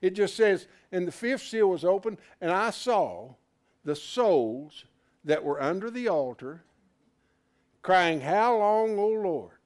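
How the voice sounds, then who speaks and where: A man teaching a Bible class, animated, who keeps asking rhetorical questions and restarting his words as he thinks aloud. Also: a little high.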